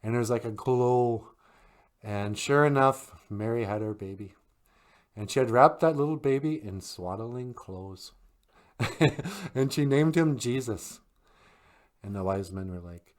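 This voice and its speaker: A man casually retelling a story with jokes, relaxed fillers and frequent chuckles. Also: medium pitch, measured pace. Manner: laid-back, joking, lots of fillers and chuckles.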